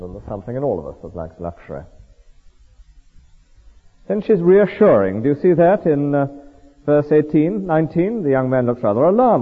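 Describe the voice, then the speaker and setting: Husky-voiced preacher in an echoing hall. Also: male voice, medium pitch, fairly quick. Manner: lively, explanatory, reads verses aloud and comments on them. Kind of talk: expository sermon on scripture. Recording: tinny lo-fi recording in a reverberant hall.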